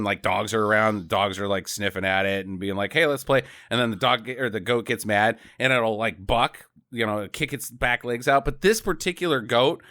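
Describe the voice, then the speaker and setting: A podcast co-host gives a rambling, casual recap of a bad movie, swearing freely and laughing often. His medium-pitched voice sounds bright and forceful.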